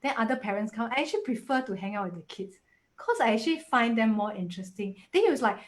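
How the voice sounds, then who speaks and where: A woman's voice: fairly high pitch, lively intonation, quick pace. A woman in her forties with a Singaporean English accent, talking casually and animatedly as a guest in a webinar, often acting out quoted voices.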